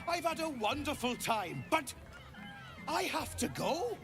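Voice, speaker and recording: A cheery, pun-loving clown with a sing-song, gleeful delivery. The voice is pitched very high and bounces widely, taking its time, while music plays clearly in the background. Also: male voice, very animated, measured pace, full character voice. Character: cheery male clown telling puns.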